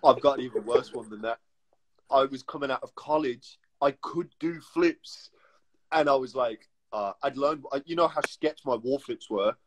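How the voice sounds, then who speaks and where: A young man co-hosting a casual chat show, telling lively stories and laughing through them. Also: medium pitch, moderate pace, slight background noise. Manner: laughing storyteller, lively anecdotes with slang. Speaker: co-host.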